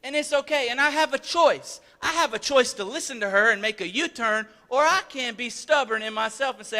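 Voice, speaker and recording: A man's voice: extremely high pitch, brisk, hardly any pauses, pushed and bright. A man pastor delivering a sermon in a church, talking earnestly and conversationally, often repeating words for emphasis. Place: church sanctuary. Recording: reverberant church hall.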